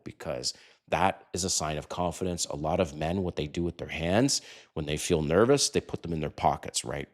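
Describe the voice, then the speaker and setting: An older man coaching other men on dating, blunt and direct, full of rhetorical questions. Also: low voice. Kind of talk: direct-to-camera advice talk.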